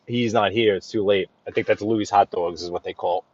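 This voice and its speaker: A driving vlogger gives a live tour, chatting casually from behind the wheel and pointing things out along the way, his rambling speech full of restarts and playful asides. His voice is fairly low, brisk, and darkish with fairly even intonation. The audio sounds a bit dull, like a live stream recorded inside a car.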